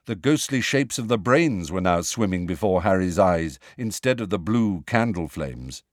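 Male narrator, audiobook reading, expressive, lively rise and fall, dry close sound. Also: low voice, normal speed, no echo.

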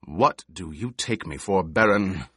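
A man's voice: sits low, lively intonation, measured pace, pushed and bright, husky, no room sound, clean studio sound, exaggerated voice. A man voicing a cruel, mocking emperor who speaks in an imperious, purring, commanding way. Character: cruel, mocking male emperor on his throne.

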